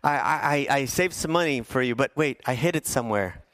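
A man's voice: medium pitch, expressive, brisk, a bit bright. A man doing a fussy, forgetful old grandmother. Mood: flustered. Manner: flustered, stammering.

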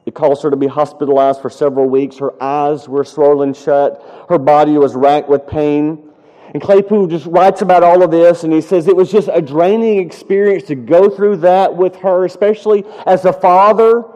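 A man preaches from the pulpit in a fairly high, mellow voice. He moves from earnest storytelling to impassioned, pleading prayer lines. The sound is dull and muffled, with a long reverb from a church hall. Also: steady tone, moderate pace. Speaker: pastor. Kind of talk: sermon.

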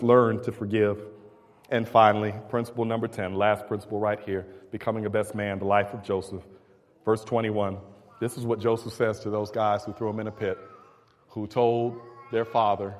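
A man preaching a sermon with call and response, dropping low and quiet, then building up to shouting. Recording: long hall reverb.

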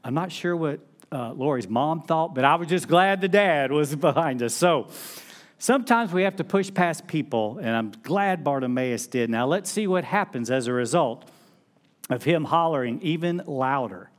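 Storytelling pastor, a touch high. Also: male voice, expressive, normal speed. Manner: conversational storytelling with laughs and acted-out quotes. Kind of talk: sermon.

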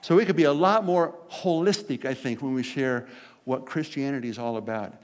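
Speaking a little fast with a medium-pitched voice, this pastor preaches in a conversational style. He brings his stories to life by acting out the characters and giving voice to their quotes.

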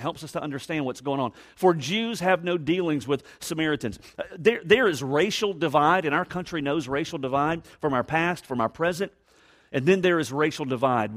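A man preaching a sermon, reading scripture and explaining it with expressive emphasis, dropping to hushed tones and acting out quoted voices. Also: fairly high pitch. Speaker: pastor.

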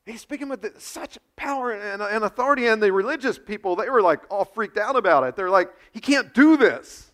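High-voiced animated preacher man. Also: fast talker, few pauses. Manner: animated preaching, acted crowd quotes. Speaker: pastor. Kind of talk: sermon.

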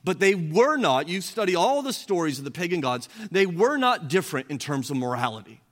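A man preaching a sermon as pastor, earnest and direct, asking the listeners questions and swinging between loud emphasis and quiet, low delivery. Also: big pitch swings, a little fast. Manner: earnest preaching with rhetorical questions, rising and dropping in force. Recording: long hall reverb.

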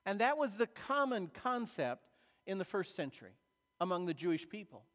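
High-voiced pastor preaching in an echoing hall. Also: male voice, sing-song, fairly bright tone. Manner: storytelling, conversational, with dramatic pauses. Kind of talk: sermon. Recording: long reverb of a large hall.

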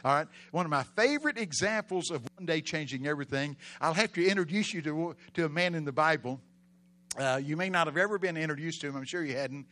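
Bright, dramatic male preacher. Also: a little high, animated, quick pace. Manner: dramatic, shifts between loud exclamations and hushed storytelling; call-and-response with congregation. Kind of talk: sermon.

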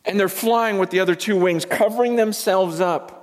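A male pastor preaching a sermon, swinging between loud emphasis and hushed asides and repeating words as he builds his points. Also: high-pitched, moderate pace. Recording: long reverb from a large hall.

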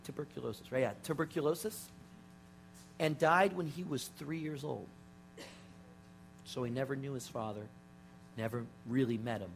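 A pastor telling a story in a sermon, animated and full of restarts. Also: male voice, medium pitch. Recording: steady mains hum underneath.

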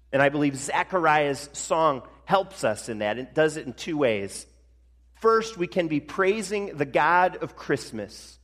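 A male pastor preaching a sermon in a conversational way, slowing down for emphasis. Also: on the high side, fairly bright tone. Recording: long reverb of a large hall.

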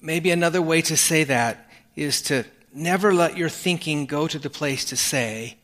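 A man's voice: on the high side, moderate pace, hardly any pauses, fairly bright tone. A male pastor giving an earnest sermon, often restarting his phrases as he explains a passage of scripture. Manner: earnest preaching with repeated restarts. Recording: long hall reverb.

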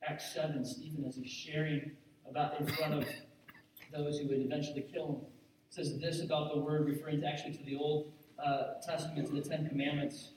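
A man's voice: fairly high pitch, steady tone, normal speed, darkish tone, slight background noise. A man preaching a sermon as pastor, earnest and building to emphatic repetition. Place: church sanctuary. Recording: very echoey hall, mic at a distance.

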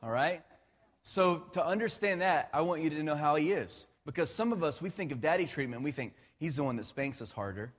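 A male pastor preaching a conversational, animated sermon, with restarts and asides to the congregation. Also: fairly high pitch, fairly quick. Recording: long hall reverb.

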